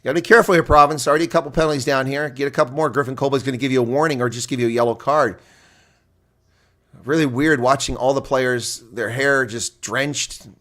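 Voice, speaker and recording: A man doing live reaction play-by-play of a rugby match, leaping up in excitement at big plays. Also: mid-range voice, quick pace.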